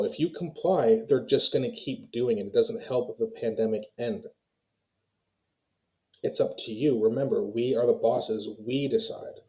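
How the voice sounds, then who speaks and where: A man's voice: mid-range voice, warm tone, low-quality recording. A man hosting his own video channel, giving heated, opinionated commentary straight to his viewers. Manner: heated, ranting, talks straight to viewers as "guys". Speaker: YouTube commentary host. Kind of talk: opinionated casual commentary to camera.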